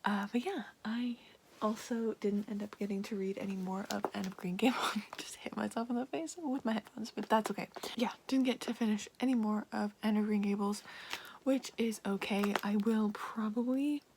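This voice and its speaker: A woman's voice: medium pitch, fairly even intonation, normal speed, noisy background. A woman with a Canadian accent chatting casually to camera as a book vlogger, giggly and full of likes and ums.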